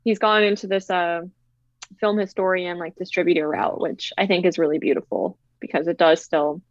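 A woman's voice: on the low side, steady tone, normal speed, no room sound. A woman guest on a podcast chatting enthusiastically, with laughing asides. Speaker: guest producer. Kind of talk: casual podcast chat. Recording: dull lo-fi dry sound.

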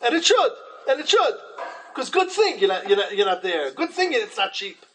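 A man teaching a Torah class in an animated way, restarting often and acting out quotes. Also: very high voice, normal speed, slight background noise, rough recording.

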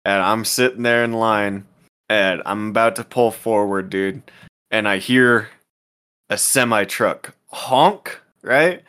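A young man co-hosting a podcast, telling a story in casual chat, animated, peppered with "dude" and "bro.". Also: fairly low pitch, slow, clear, resonant tone. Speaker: podcast co-host. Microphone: podcast microphone.

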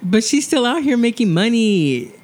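A woman's voice: on the high side, very animated, normal speed, darkish tone. A young woman co-hosting a podcast, rambling with many fillers and restarts in casual chat. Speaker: podcast co-host.

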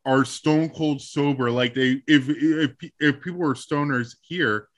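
A young man co-hosting a podcast over a video call, laid-back and deadpan, lying down and talking low. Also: a little slow, no room sound, studio quality. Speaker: podcast co-host.

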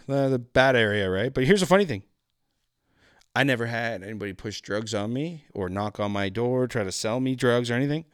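A man telling stories as a podcast guest, animated and profane, acting out the people in his stories. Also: lowish voice, clean tone, no room sound, clean studio sound. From Canada. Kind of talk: casual storytelling.

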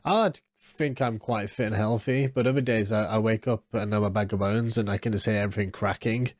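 A congested, nasal-voiced man in his thirties rambles through a casual solo podcast, full of restarts and fillers. He speaks fairly quickly, low-ish with a steady tone. The studio sound is clean, with no echo.

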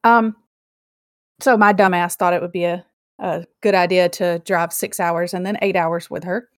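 A woman's voice: fairly low pitch, fairly even intonation, moderate pace, dry recording. Chatty woman telling a story, dry sound. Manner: chatty, self-deprecating storyteller. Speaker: podcast co-host. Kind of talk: casual chat and storytelling.

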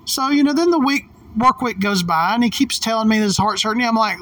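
A woman's voice: fairly high pitch, brisk, fairly bright tone, dry recording, recorded from a distance. A woman telling a story in a casual, emphatic way, swearing often and getting worked up. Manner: profane, emphatic, heated. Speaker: vlogger.

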